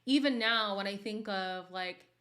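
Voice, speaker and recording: A woman hosting a casual livestream, reading viewer comments and talking frankly, her voice jumping from loud outbursts to soft near-whispers. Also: mid-range voice, measured pace. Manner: candid and sassy, swings between loud bursts and near-whispers. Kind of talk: casual chat.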